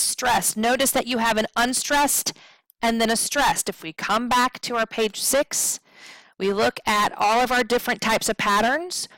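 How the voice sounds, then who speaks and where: A woman teaches a poetry lesson, patiently counting syllables aloud and checking in with her students. Her voice is fairly high with a sharp tone, captured without echo on a rough recording.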